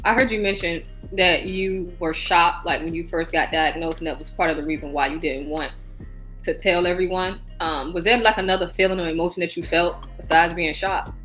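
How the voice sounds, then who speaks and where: A woman co-host asking questions in a relaxed, chatty way, filling her sentences with casual asides. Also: fairly low pitch, fairly quick, faint music behind. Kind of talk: casual interview chat.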